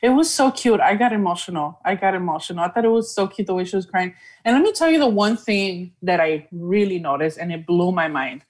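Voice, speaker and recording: A woman's voice: lowish voice, a little fast, few pauses. Enthusiastic young woman chatting. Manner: enthusiastic, animated storytelling. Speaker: podcast co-host. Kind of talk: casual chat.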